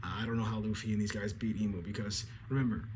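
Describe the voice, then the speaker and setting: A man giving an excitable, casual recap of a comic chapter, acting out the characters' lines and swearing freely. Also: lowish voice, fast, slight background noise. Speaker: anime commentator.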